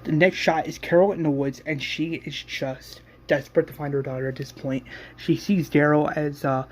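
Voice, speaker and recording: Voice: medium pitch, steady tone, normal speed. A narrator casually retelling an episode's plot, rambling with many fillers and restarts.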